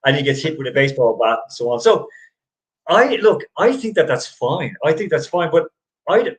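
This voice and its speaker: A man's voice: a little high, sing-song, moderate pace, poor audio. A middle-aged man hosting a casual sports chat show, rambling with frequent restarts and easy laughter. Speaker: host.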